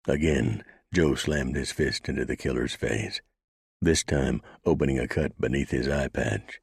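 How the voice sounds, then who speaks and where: A man narrating a western audiobook in a steady, measured storytelling voice. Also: extremely low pitch, gravelly, slightly rough, no room sound, clean studio sound.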